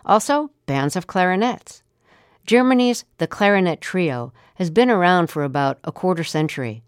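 A woman radio host reads a scripted introduction in a measured, even manner. Her voice is smooth and resonant and sits a little low. It is recorded close on a studio microphone with a dry, dead sound. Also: no room sound.

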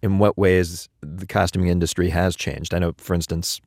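A man co-hosting a public radio show, wry and measured with deadpan quips. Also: deep voice, dry recording, studio quality. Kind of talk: public radio interview and banter.

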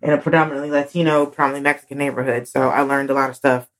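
A woman comedian chatting casually as a guest, an animated storyteller whose voice swoops high when she acts out moments. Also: rapid-fire, a little hiss or hum. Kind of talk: casual interview chat.

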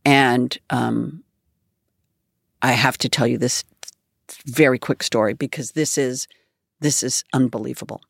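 A woman's voice: extremely low pitch, unhurried, creaky, pauses often, husky, dry recording, studio quality. A woman guest in a radio interview, telling an anecdote with animation and acting out quotes. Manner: animated storyteller, acts out quotes.

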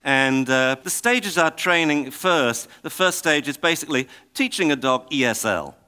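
A man's voice: fairly high pitch, animated, normal speed, sharp tone, clear, resonant tone. A man giving a public talk, emphatic and exasperated as he tells examples.

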